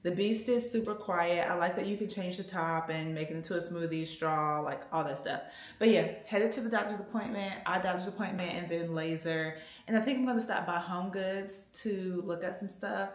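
A woman's voice: on the low side, moderate pace. A woman, chatting casually to viewers in a vlog with lots of fillers and "y'all". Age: 30s. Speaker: vlogger.

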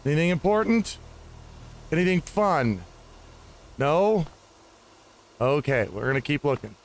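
A man's voice: on the high side, big pitch swings, measured pace, slight background noise. A man giving casual, rambling commentary on his own gameplay, chatting aloud to the enemies he fights. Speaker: gaming host.

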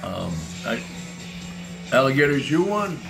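An older man, a grandfather, telling jokes and chatting in a gruff, crude, teasing way. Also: medium pitch, sing-song, measured pace, music in the background. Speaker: grandfather and joke teller. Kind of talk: casual chat.

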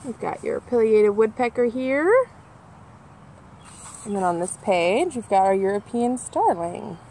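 A woman reading a children's picture book aloud as a nature center educator, animated and imitating bird calls as she points out the pictures. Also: mid-range voice, a little slow, a little hiss or hum.

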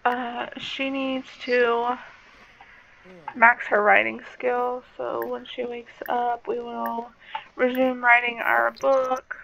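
A woman's voice: a little high, level tone, slow, gravelly, a bit bright, a little hiss or hum, poor audio. A woman giving casual gameplay commentary, chatting to her game characters and slipping into baby talk. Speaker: game streamer.

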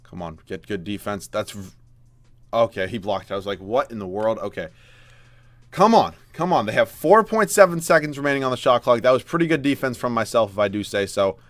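A man commentating his own basketball video game as he plays, swearing, groaning and yelling at bad plays. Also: on the low side, animated, fairly quick, no echo. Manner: frustrated, loud outbursts at the game. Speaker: gaming YouTuber. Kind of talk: live gameplay commentary.

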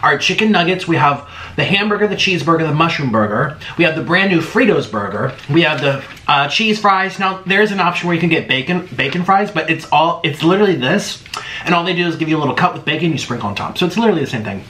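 A man hosting a mukbang eating show, chatting casually and excitedly to his viewers. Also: fast talker. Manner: hyper and excitable, swooping pitch. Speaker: mukbang host. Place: home in Florida. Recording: echoey room, faint noise.

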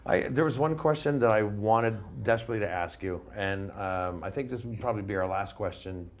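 A man hosting a casual interview show, asking long, halting questions. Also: fairly low pitch. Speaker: talk show host.

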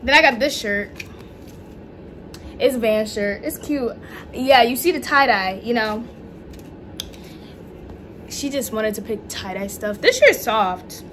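A young woman talks through a casual home vlog in a high voice, excitable and gushing, full of slang. A faint hum of noise sits behind her. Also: slow pace, pauses often. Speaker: vlogger. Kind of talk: casual haul vlog chat. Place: home room at night.

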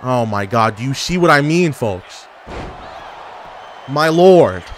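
A young man giving casual, animated gameplay commentary as a gaming YouTuber, trash-talking and exclaiming. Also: mid-range voice, slow pace, slight background noise. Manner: animated trash talk, frequent laughs and exclamations.

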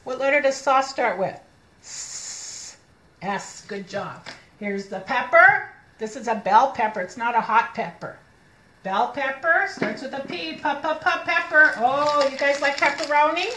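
A woman teaching young children to read, stretching out each letter sound in a slow, deliberate way. Her voice sits a little high and she praises often, talking to the kids as if they were right there. The recording has a noticeable roomy echo. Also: lively intonation, a bit bright, slight background noise. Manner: encouraging, speaking to children as if they were present. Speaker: reading teacher. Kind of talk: early reading lesson for young children.

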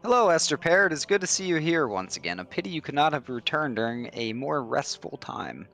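A man's voice: a little high, big pitch swings, brisk, vocal fry, fairly bright tone, exaggerated voice. A man voicing a worried monk, polite and hesitant. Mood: uneasy. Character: worried male monk of a library keep.

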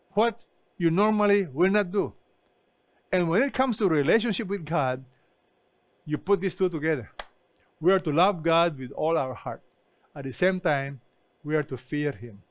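A man's voice: a little high, unhurried, pauses often, no echo. A man preaching an online sermon as pastor, emphatic and often asking his listeners questions. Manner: emphatic, asks the congregation questions.

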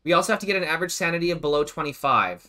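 A male game streamer whose voice swings up and down in lively bursts of excitement. He commentates live play, turning often to talk to his viewers at his desk mic. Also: a little high, very fast. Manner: animated, excitable, addresses viewers.

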